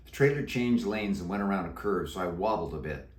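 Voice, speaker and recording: A man, the author, reading his book aloud in an animated, playful storybook narration. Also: low voice, brisk. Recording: echoey room.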